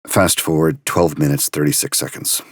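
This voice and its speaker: A very deep-voiced male official reads case numbers in a clipped, bureaucratic drone for a radio drama. The recording is dead dry, with no room sound. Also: flat delivery, normal speed, no room sound. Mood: formal. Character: flat official reading an FBI evidence log.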